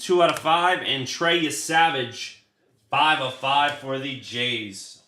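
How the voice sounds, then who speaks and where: A man hosts a laid-back card break, swearing freely and running through pulls in a quick list. His voice is bright and forward. The room around him rings with a noticeable echo. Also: mid-range voice, a little hiss or hum. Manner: chatty, swears freely, rattles off card lists. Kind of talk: casual livestream chat while opening cards. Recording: roomy echo.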